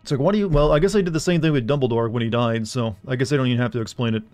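A man's voice: mid-range voice, rapid-fire, darkish tone, no room sound, soft background music. A man streaming a game, chatting in a rambling way and reading in-game notes aloud. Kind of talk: casual game-stream chat.

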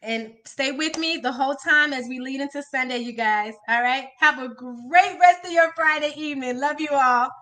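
A woman's voice: high voice, normal speed, hardly any pauses. A woman, a life coach signing off her live stream, effusive and encouraging, calling out viewers by name. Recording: music playing loudly behind her. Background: loud music.

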